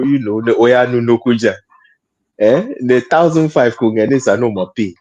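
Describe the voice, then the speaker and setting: A man's voice: mid-range voice, normal speed, darkish tone, highs cut off. A man speaking as a panel guest in a studio discussion, hesitant, repeating words and laughing often.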